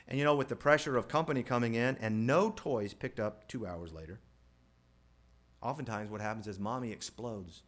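A man preaching a sermon in an animated way, asking the crowd rhetorical questions and quoting scripture. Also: medium pitch, moderate pace. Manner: animated, rhetorical questions, mimics family scenes. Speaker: pastor.

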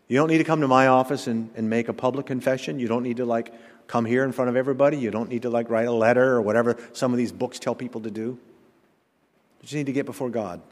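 A man, a pastor, preaching a sermon that swings from loud declarations to hushed asides. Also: medium pitch, big-room sound.

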